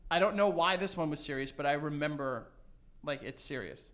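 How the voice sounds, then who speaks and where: On the high side and a little fast, a man's voice carries a casual podcast chat he co-hosts. He wanders through stories, animated and full of "like" fillers, laughing as he goes.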